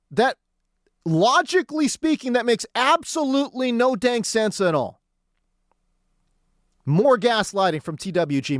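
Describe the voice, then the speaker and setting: Heated and exasperated, a man hosting sports talk radio repeats himself to drive each point home. The recording is studio quality with no echo, and his voice sits high.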